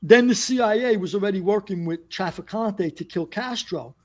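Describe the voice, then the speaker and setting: Animated storytelling man, high voice. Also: moderate pace. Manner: animated storyteller, acts out quotes. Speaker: podcast guest. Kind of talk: casual storytelling.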